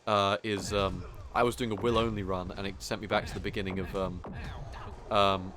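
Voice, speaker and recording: In a deep, somewhat bright voice with flat delivery at normal speed, a man comments jokingly on his speedrun, teasing other players, swearing occasionally, and using many filler words.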